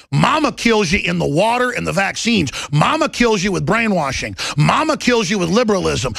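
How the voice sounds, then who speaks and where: A man hosting a talk show, delivering an impassioned, urgent monologue that bursts into shouting. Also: high-pitched, vocal fry, dry recording.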